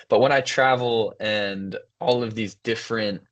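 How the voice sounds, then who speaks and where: Young guy on a podcast, lowish voice, chatty storytelling, lots of ums. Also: moderate pace, hardly any pauses, fairly bright tone. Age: young adult. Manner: thoughtful, storytelling, many fillers. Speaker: podcast co-host, son. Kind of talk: casual conversation.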